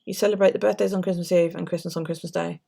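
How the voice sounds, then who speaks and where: Gravelly English woman chatting sweary. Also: lowish voice, steady tone, racing, warm tone. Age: middle-aged. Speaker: bullet journal vlogger. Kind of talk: casual chat while journaling.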